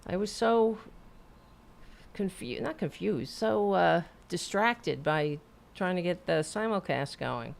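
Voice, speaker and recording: A woman's voice: lowish voice, lively intonation, takes it slowly, gravelly. A woman hosting a live stream, chatting loosely and rambling, swearing now and then. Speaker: host. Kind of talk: casual live-stream sign-off chat.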